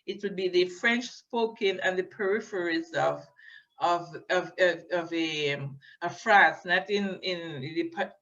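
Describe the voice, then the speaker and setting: A woman giving a lecture, hesitant and filling pauses, often checking in with her listeners. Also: on the low side, a bit bright. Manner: hesitant, many fillers, checks in with "okay?". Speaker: linguistics lecturer. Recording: dull lo-fi recording.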